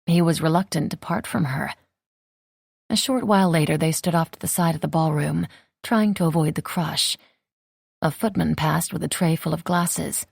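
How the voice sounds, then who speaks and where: A woman narrating a romance audiobook in an even, measured reading. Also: deep voice, gravelly, slightly rough, dry recording, clean studio sound. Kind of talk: scripted narration.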